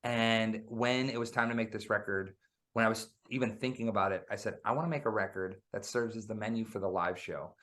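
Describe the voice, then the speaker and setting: Male guest musician, easygoing and animated, casual interview storyteller. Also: lowish voice, brisk. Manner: animated storyteller, says "man" often.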